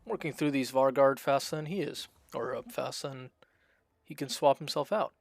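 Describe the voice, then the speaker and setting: A man streams a strategy game and talks through every move in a loose, rambling way, full of fillers and restarts. His voice has a gravelly edge, and it sounds close and dry with no room around it. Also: medium pitch, normal speed, dry recording. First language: Russian. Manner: chatty, thinks aloud, frequent fillers. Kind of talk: casual gameplay commentary.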